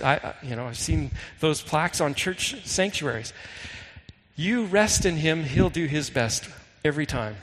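A man preaching a sermon to a live congregation, reading scripture slowly and with drama. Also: a little high, expressive. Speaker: pastor. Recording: long hall reverb.

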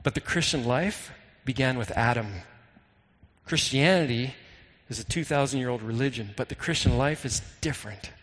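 A man's voice: a little high, fairly bright tone. Earnest male pastor in a reverberant hall. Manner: earnest, reads scripture slowly and dramatically. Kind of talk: sermon.

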